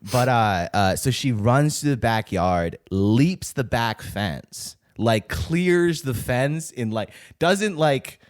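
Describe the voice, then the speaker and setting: Profane podcast host telling a story. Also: male voice, mid-range voice, lively intonation, slow, hardly any pauses. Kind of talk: casual chat.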